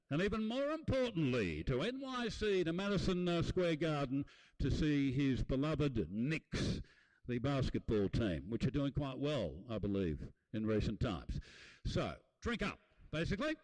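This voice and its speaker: A man hosting a comedy night, warming up the crowd with jokes and introducing acts. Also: on the high side, big pitch swings, measured pace, poor audio. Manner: jokey, upbeat crowd warm-up. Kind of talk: live comedy MC patter.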